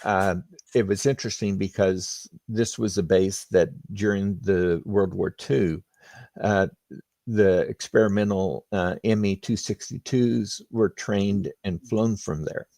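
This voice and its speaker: An older man, a retired flight surgeon, telling stories in an unhurried, plainspoken way as a podcast guest. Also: deep voice, steady tone, gravelly, dark tone, no room sound. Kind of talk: conversational interview storytelling.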